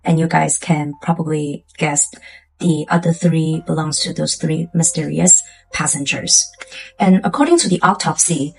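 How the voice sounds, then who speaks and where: A woman's voice: low voice, moderate pace, creaky, rough recording. A woman telling a spooky tale to her viewers in a chatty, casual way, full of fillers. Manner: chatty, loose phrasing with many fillers. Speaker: storyteller.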